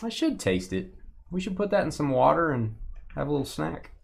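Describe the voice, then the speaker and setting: A man hosting a live sports card break, joking playfully and getting excited over the cards. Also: on the high side, brisk, gravelly. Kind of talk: casual live stream chat.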